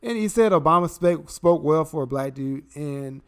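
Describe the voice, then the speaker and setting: A man co-hosting a podcast in animated, sarcastic chat, with swearing and mocking asides. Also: fairly high pitch, moderate pace, smooth. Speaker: podcast co-host. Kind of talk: casual political chat.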